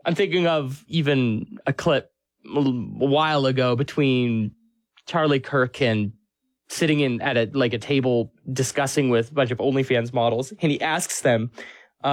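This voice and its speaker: A man interviewing a guest and asking a thoughtful, measured question. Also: medium pitch, no room sound, clean studio sound.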